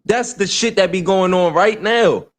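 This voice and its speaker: High-voiced man lecturing hard. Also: measured pace. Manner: lecturing, forceful, profane. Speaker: livestream co-host. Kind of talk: casual livestream discussion.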